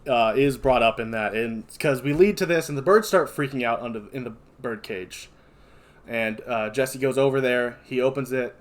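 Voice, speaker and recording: A man's voice: medium pitch, moderate pace. A man with a Kentucky accent, a podcast co-host, retelling a film in loose casual chat with fillers and self-corrections.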